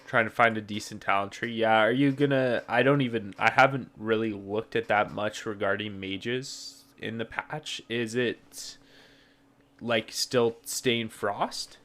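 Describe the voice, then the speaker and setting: A man streaming a game, talking casually to his viewers in a relaxed, rambling way with lots of fillers. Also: fairly low pitch, normal speed, hardly any pauses. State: yawning, sleepy. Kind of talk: casual gaming chat with chat viewers.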